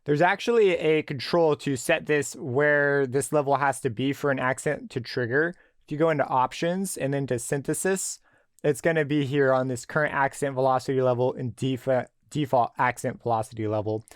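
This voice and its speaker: Male music tutor, easygoing, thinks aloud; clean, crisp, dry studio voice. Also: mid-range voice, moderate pace, dry recording. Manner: relaxed explanatory, thinking aloud with fillers. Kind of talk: screen-recorded software tutorial.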